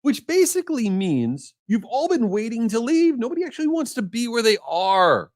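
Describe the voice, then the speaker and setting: A man hosting a solo podcast, talking energetically in a jokey, animated way with strong opinions. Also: extremely high pitch, moderate pace, no room sound, clean studio sound. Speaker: podcast host.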